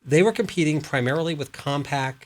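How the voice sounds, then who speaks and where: A man's voice: fairly high pitch, brisk. A man speaking as a guest on a studio panel, explaining things with a story. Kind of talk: panel discussion.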